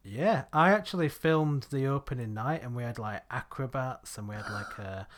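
A man hosting a casual podcast chat, rambling and letting his sentences trail off quietly. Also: medium pitch, animated, normal speed. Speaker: podcast host.

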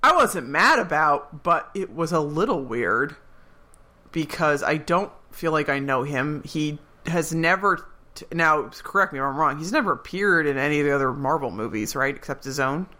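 An American woman co-hosting and editing a podcast, chatty and quick to laugh. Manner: chatty, laughs often, lively pitch swings. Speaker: podcast co-host and editor. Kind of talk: casual chat.

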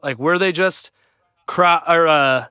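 A man's voice: on the high side, slow, sharp tone, clean tone, dry recording, clean studio sound. A young man in casual chat, jokey, chiming in with quips.

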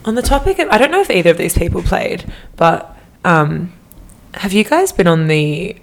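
A young woman with a slightly low voice co-hosting a relaxed conversation. She is chatty and eager, often chiming in with quick agreement while the others talk. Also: vocal fry, slight background noise. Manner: chatty, enthusiastic, quick supportive interjections. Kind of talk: casual chat.

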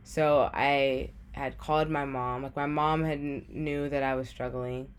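Her voice is very deep and clean, with fairly even intonation and an unhurried pace. She's a young adult woman guesting on a podcast, chatting casually through a personal story. She leans heavily on "like" and acts out her own past thoughts.

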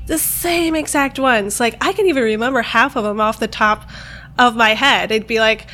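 A chatty American woman co-hosting a relaxed podcast, her voice high and bright. She laughs easily and restarts her sentences. Faint ambience sits under the recording. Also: normal speed, slight background noise. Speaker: podcast co-host. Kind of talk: casual chat.

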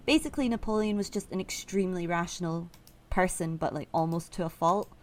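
A woman's voice: on the low side, brisk. A woman comedian telling a rambling, self-correcting story in casual chat, laughing at her own jokes. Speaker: comedian guest. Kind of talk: casual chat, comic anecdote.

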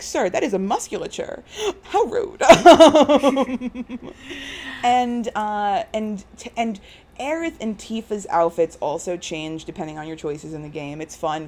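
A woman's voice: medium pitch, a little mellow. A woman co-hosting a podcast, retelling in a gushing, rambling way with lots of fillers. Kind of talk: casual chat.

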